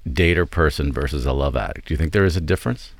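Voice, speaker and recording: A man's voice: rumbling low, quick pace, creaky, dry recording. A man hosting a talk show, probing his guests with questions on a dry close mic. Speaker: host. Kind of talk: podcast discussion.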